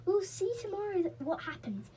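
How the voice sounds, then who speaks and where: A woman's voice: extremely high pitch, sing-song, moderate pace, dark tone, a little hiss or hum, voice pushed up, rough recording. A woman reading as cautious boy Joe.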